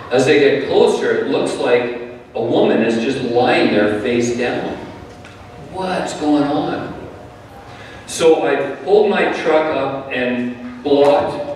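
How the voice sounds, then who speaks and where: Slow-speaking pastor in an echoey hall. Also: male voice, mid-range voice, recorded from a distance, slight background noise. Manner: calm, measured preaching with soft drops in volume. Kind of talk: sermon.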